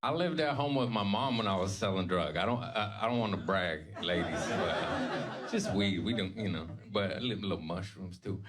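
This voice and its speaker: A man's voice: sits low, moderate pace. A man doing stand-up, telling self-mocking stories in a laid-back way. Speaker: stand-up comedian. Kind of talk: stand-up routine. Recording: comedy club with loud crowd.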